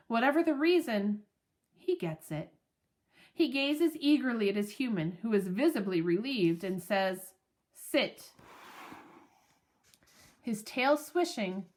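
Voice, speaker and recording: A woman reads a storybook aloud with a bright, high voice that swoops up and down. She takes her time, giving each line a playful, expressive lilt. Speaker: audiobook narrator. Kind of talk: storybook narration.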